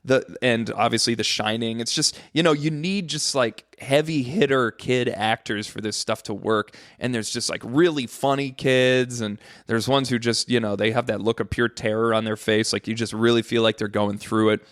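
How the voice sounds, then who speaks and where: An American man hosting a casual solo podcast, swearing freely and jumping into high-pitched exclamations. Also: moderate pace, hardly any pauses, fairly bright tone, no room sound, clean studio sound. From United States. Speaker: podcast host.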